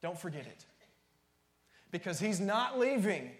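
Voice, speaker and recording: A man's voice: fairly high pitch, big pitch swings, moderate pace, pauses often, echoey room. A man preaching a sermon as pastor, emphatic and repetitive, sometimes dropping to a near-whisper.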